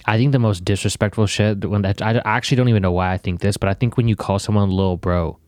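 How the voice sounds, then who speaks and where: A man chats casually as a podcast co-host and drops laid-back, offhand comments. His voice is very deep, and the recording sounds dry and close. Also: fairly even intonation, fast, darkish tone, no echo.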